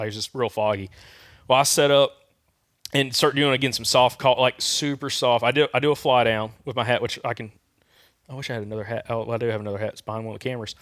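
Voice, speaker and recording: A man with a Southern American accent, co-hosting a podcast and telling an animated hunting story, imitating turkey calls as he goes. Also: mid-range voice, dry recording, studio quality. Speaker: podcast co-host. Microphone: studio microphone.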